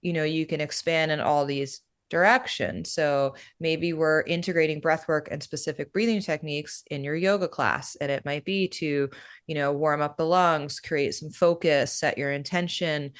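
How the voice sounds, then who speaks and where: A woman who works as a breathwork facilitator, explaining her practice in a relaxed, casual way that is full of "you know" and "right?". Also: sits low, normal speed, smooth.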